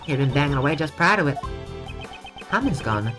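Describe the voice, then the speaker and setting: A woman's voice: low-pitched, racing, over music. A woman streaming a game, commenting casually in a crude, joking way.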